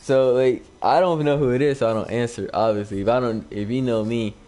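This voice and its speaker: A man's voice: medium pitch, fast, mellow. A young man, a gaming YouTuber, telling a casual story into a new microphone. He rambles, fills his talk with "like", and acts out the quoted lines. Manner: rambling, heavy on "like" fillers. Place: at home, streaming live while gaming. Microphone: new desk microphone.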